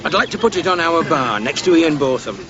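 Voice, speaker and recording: An actor plays a chatty, fawning pub landlord who gushes at his guests. His voice is fairly high and lively. A crowd is clearly heard behind him. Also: brisk, muffled recording, close to an everyday voice. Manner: eager, gushing. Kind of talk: TV drama acting.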